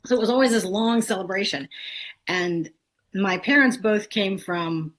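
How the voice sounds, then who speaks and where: A woman's voice: mid-range voice, unhurried, a bit bright. A woman guest chatting casually on a talk show, conversational with light laughs. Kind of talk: casual chat.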